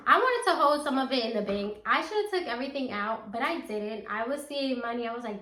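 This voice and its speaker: A young woman telling a story to her viewers in casual chat, acting out what people said with lively asides. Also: a little high, a little fast. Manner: animated, acts out quotes, talks straight to viewers. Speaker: storytime vlogger. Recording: echoey room.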